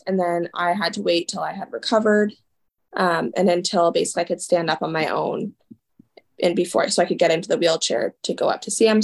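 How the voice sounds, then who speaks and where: A young woman speaks as a podcast guest, telling an emotional story. Her phrases rush and loop back, packed with filler words and quoted asides as she relives each moment. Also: on the low side. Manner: talks in rushed, looping phrases with many "like"s and acted-out quotes.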